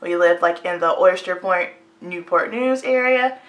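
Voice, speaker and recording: A woman's voice: fairly low pitch, measured pace. A woman in her late twenties from the United States, a hairstylist chatting candidly and with strong opinions straight to her viewers while getting ready. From United States (Virginia, North Carolina). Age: late 20s. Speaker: hairstylist and beauty vlogger. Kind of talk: casual get-ready-with-me chat.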